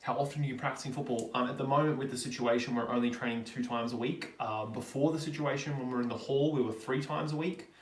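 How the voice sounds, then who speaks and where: A man's voice: mid-range voice, fairly even intonation, fast talker, few pauses. Australian man in a roomy, distant stream mic. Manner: chatty, reads out viewer questions and answers them. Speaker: livestream host. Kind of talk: casual live Q&A.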